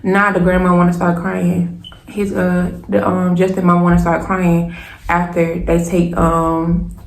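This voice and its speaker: Young woman doing a storytime vlog, gravelly voice, kinda flat, echoey room. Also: lowish voice. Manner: animated retelling with repeated "y'all" and quoted dialogue. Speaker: storytime vlogger. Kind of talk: casual storytime to viewers. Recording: echoey room with faint background hum.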